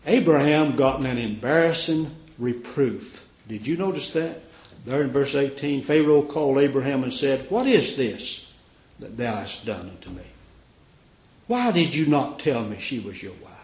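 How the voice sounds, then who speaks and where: A man preaching a fervent sermon, swinging from loud cries to low murmurs and acting out the voices of figures he quotes. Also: lively intonation, normal speed. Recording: echoey, dull lo-fi recording.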